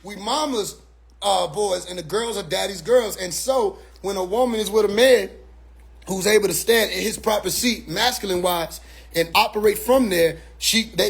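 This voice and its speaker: Male commentator with a high voice, loose and blunt, keeps looping back to check you follow. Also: moderate pace, vocal fry. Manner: rambling, repeats "you see what I'm saying"; blunt, profane street talk. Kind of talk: casual monologue commentary.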